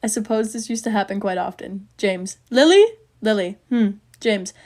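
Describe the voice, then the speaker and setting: A woman's voice: mid-range voice, moderate pace, darkish tone. A woman doing a put-on British accent, reading fan posts aloud for comedy and naming each speaker before their line. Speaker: content creator.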